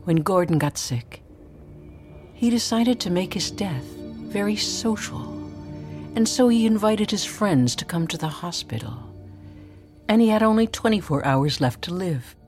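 A woman telling a personal story in a dramatic spoken-word style, often dropping into hushed whispers. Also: medium pitch, animated, measured pace, soft background music.

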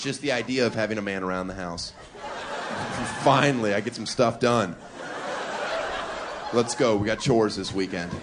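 A man performing a stand-up comedy set on a club stage, brash and provocative, mocking his audience. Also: fairly low pitch. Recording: live club with crowd laughter and noise.

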